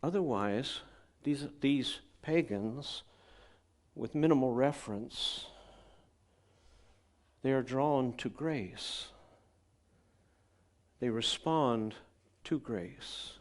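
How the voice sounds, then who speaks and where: A man's voice: medium pitch, drawn-out words, long pauses. A male pastor, telling stories in a chatty sermon and asking his congregation questions. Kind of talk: conversational sermon storytelling. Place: church gathering.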